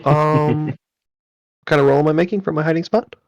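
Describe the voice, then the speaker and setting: An upbeat man playing a tabletop game keeps his turns quick. His voice is fairly high and gravelly and moves lively. The recording is dry. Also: no room sound, highs cut off. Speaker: player.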